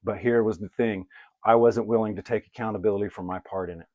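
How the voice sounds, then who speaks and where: A man's voice: fairly low pitch, steady tone, fast talker, dry recording, phone-quality sound. A man giving live oracle card readings to viewers he greets by name, casual and swearing now and then. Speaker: livestream card reader.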